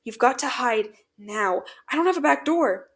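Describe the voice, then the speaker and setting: A woman's voice: sits high, lively intonation, moderate pace. A woman reading aloud, voicing a frightened young man who speaks in a shaky, wavering way. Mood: panicked. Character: anxious, frightened young man hiding something.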